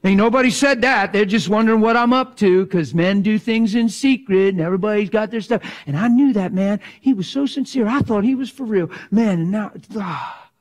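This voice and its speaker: A man preaching with fervor, his voice sitting a little higher than most men's. He swings between booming lines and near-whispers and talks in a plain, folksy way. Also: a little fast, few pauses. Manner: impassioned, swings from loud to hushed whispers; folksy, drops into slang like "ain't". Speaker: pastor. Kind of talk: sermon.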